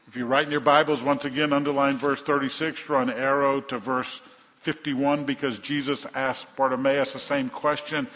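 A man's voice: medium pitch, steady tone, normal speed, fairly bright tone. A man preaching a sermon, telling a Bible story vividly and acting out the voices of the crowd. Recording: dull sound with long reverb in a hall.

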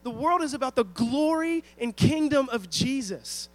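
A man's voice: very high-pitched, lively intonation, normal speed, poor audio. A man preaching a sermon, emphatic and storytelling, who often asks the congregation rhetorical questions. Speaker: pastor.

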